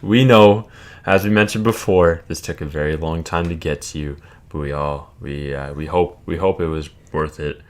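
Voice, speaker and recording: A man's voice: a bass voice, steady tone, moderate pace. A young man presenting a class project as a casual comic retelling, talking in laid-back slang with hesitant fillers.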